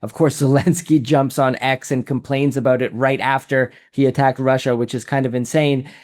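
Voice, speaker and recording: A man's voice: mid-range voice, steady tone, moderate pace, darkish tone. A man hosting an interview, asking long, conversational questions. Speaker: podcast host.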